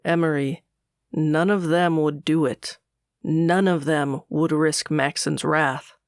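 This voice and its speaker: A man voicing an authoritative older male lord and worried father in an audiobook, speaking low and measured with a gravelly voice. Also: steady tone, no room sound, clean studio sound. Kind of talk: audiobook character dialogue.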